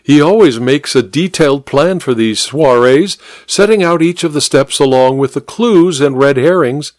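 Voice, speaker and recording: A man voicing a brisk, matter-of-fact aristocratic duchess in a dry storybook reading. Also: on the high side, no echo, voice pushed up, lightly acted. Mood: assured.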